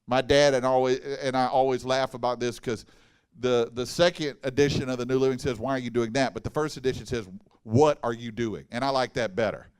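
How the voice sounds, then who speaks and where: A man preaching a sermon in a church, folksy and animated, mixing humor and asides with the congregation. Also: medium pitch, a little fast, clear, resonant tone. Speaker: pastor. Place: church hall.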